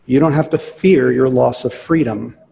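A man preaching a sermon, earnest and emphatic, slowing down on key phrases. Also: medium pitch, creaky, warm tone. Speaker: pastor. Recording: long reverb of a large hall.

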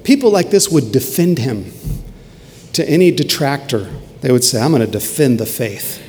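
An earnest male pastor delivers a sermon, his voice swinging between hushed, intimate passages and sharply emphatic peaks. He is in a hall with a long reverb trailing his words. A faint room ambience sits underneath. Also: mid-range voice, animated, normal speed, slight background noise.

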